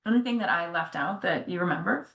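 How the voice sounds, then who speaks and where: A middle-aged woman telling a personal story in a candid, animated way, often slipping into the voices of people she quotes. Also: fairly low pitch, quick pace, dull audio. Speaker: podcast co-host. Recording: echoey room.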